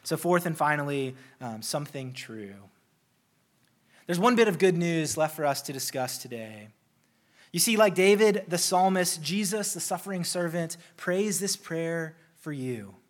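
Earnest preaching man, slightly high voice. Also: expressive. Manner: earnest, slows and stresses key phrases; builds intensity through lists. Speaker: pastor. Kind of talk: sermon.

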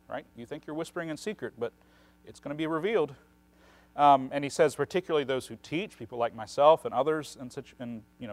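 A man gives conversational Bible teaching at a middle pitch for a man. He explains at length in an unhurried way. He keeps checking in with his listeners through a questioning "right?". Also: dry recording.

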